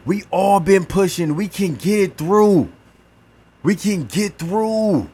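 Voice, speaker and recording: A man hosting a podcast, giving a slow, encouraging motivational talk and leading a breathing exercise, repeating his words. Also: high-pitched, expressive, a little mellow, breathy edge. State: gasping for air at times. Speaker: podcast host.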